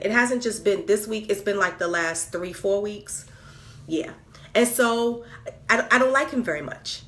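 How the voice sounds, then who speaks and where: A woman's voice: mid-range voice, unhurried, a bit bright. A woman venting candidly on camera, exasperated and repeating herself with stammered restarts. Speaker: vlogger.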